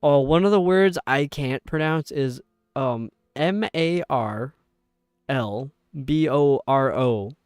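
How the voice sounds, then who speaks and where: A young man with a New York accent chatting casually with viewers while streaming, rambling and sounding out words slowly. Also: mid-range voice, clear, resonant tone, no echo. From upstate New York. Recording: dry close mic with faint game music.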